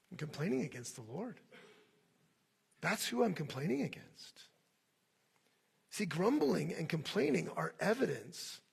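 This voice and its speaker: Male pastor, sermon delivery, husky, fairly high, lively acting-out of quoted voices. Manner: animated, acts out complaining voices.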